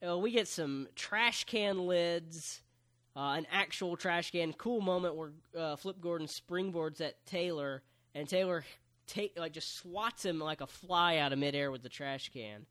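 A man's voice: on the high side, measured pace, a bit bright, no room sound, clean studio sound. Chatty man recapping with fillers. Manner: recaps at length with many fillers. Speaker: podcast co-host reviewing wrestling. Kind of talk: casual chat.

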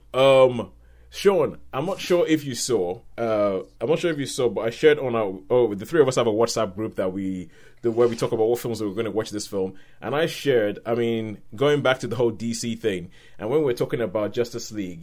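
A man's voice: medium pitch, darkish tone. Jokey male podcast host. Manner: playful and jokey, often laughing. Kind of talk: casual film review chat.

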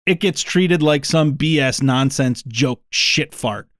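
A man's voice: on the high side, slow, no echo. Rambling, cussing male podcast host. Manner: rambling with restarts, swears freely. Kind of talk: casual podcast chat.

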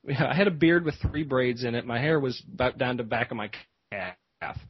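Breathy and mid-range, the man's voice moves at a moderate pace as he hosts a podcast. He tells a meandering, casual story packed with fillers and restarts, captured in dull lo-fi audio.

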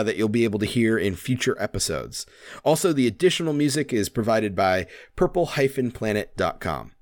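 Male podcast host, casual and chatty, animated delivery, dry close mic. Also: mid-range voice, dry recording. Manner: chatty, self-deprecating.

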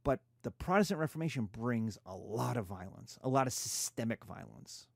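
A man's voice: mid-range voice, animated, moderate pace, gravelly, dry recording, studio quality. A man giving a casual, irreverent history lecture, acting out quotes in slangy voices.

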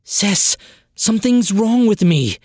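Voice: medium pitch, expressive, slow, darkish tone, no room sound, studio quality. A narrator voicing a weakened young woman, an older sister who talks in a strained, urgent voice. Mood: frantic.

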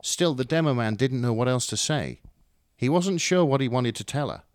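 A man's voice: medium pitch, lively intonation, normal speed, no echo, studio quality. A man reading a fan story aloud with dramatic, wry narration. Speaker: story reader. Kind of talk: expressive fan fiction reading.

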